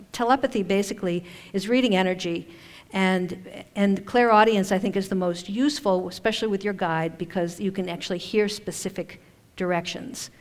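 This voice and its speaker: A woman giving a chatty, conversational talk at a conference, with self-deprecating humor. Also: medium pitch. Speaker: conference speaker and author. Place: conference hall stage. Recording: long hall reverb.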